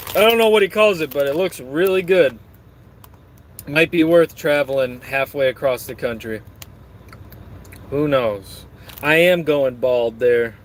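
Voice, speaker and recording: A man's voice: fairly high pitch, fairly bright tone, slight background noise. A man streaming and reading his chat, rambling in a crude, joking way while snacking.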